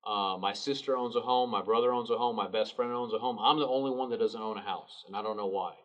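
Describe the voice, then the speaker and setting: A man's voice: lowish voice, steady tone, quick pace, close to an everyday voice. A man voicing a frustrated woman in her fifties, sick of renting, in a weary, fed-up way. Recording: distant mic, dull sound.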